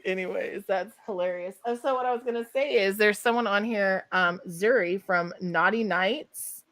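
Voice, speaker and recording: A woman hosts a casual group chat with a bright, crisp voice recorded dry and close. She teases the others, laughs often and speaks like the boss. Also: medium pitch, moderate pace, no room sound. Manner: laughing, teasing, bossy. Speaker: host, company owner.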